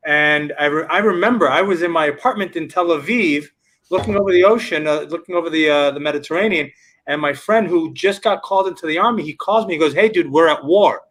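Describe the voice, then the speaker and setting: Man, podcast host, a bit high voice, enthusiastic, stumbles and repeats words. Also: fast, a bit bright. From Israel. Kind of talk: casual interview chat.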